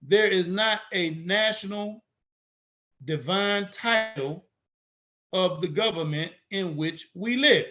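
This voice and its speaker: A man's voice: sits high, slow, bright, forceful tone, highs cut off, soft background music. A man teaching in an emphatic way, repeating his points and asking rhetorical questions. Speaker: instructor. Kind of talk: teaching lecture.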